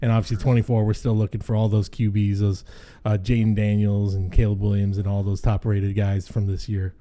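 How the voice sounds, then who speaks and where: A man's voice: fairly low pitch, level tone, fairly quick, warm tone. A man hosting a casual chat, laughing along and then explaining trading card sets in an easygoing way. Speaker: host. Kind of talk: casual chat while opening trading cards.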